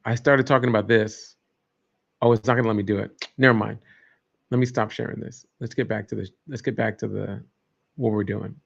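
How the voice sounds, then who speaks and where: A man's voice: on the low side, steady tone, fairly quick, vocal fry, husky. A man hosting a casual livestream, rambling and joking as he chats with viewers. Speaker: livestream host. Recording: dull lo-fi stream audio.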